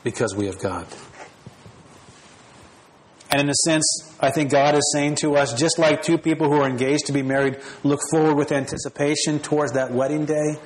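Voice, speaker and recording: A man's voice: a little high, poor audio. Earnest preaching man, faint noise. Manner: earnest, personal, with repeated phrases and small restarts. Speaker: pastor. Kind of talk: sermon.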